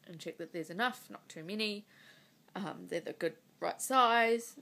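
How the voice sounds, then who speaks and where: A woman in her thirties recording a personal video diary on her phone. She is crying, and she talks in a halting, emotional way, with sighs between her words. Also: medium pitch, bright, forceful tone. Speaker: vlogger. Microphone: phone mic.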